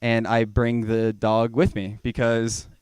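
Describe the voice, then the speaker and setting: A man's voice: medium pitch, monotone, slow, a little mellow, smooth, dry recording. A young man from Georgia doing a rambling, profane stand-up set in a small venue. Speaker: stand-up comedian.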